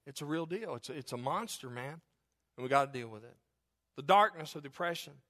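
A middle-aged male pastor preaching a sermon in a conversational way, with joking asides and loud, emphatic stretches. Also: on the high side, lively intonation, a little fast.

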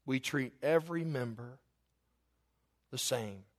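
A male pastor preaching a sermon in a church, folksy and prone to joking asides and excitable storytelling. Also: medium pitch, takes it slowly. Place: church sanctuary.

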